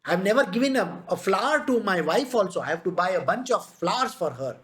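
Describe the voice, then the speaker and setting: A man's voice: sits high, sing-song, fairly quick, fairly bright tone. A man voicing a panicked ordinary man in a sermon story, fretting over everything he has left undone. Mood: anxious. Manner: fretful, listing worries.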